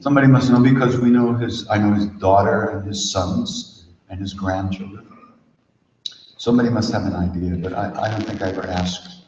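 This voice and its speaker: Brief: low-pitched older man, chatty workshop storyteller, heard far off in a long-reverb hall. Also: fairly even intonation, moderate pace, a little mellow. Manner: conversational, chuckling, says "you know" often. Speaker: spiritual teacher leading a workshop. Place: large retreat hall. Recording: echoey hall, distant dull mic, faint noise.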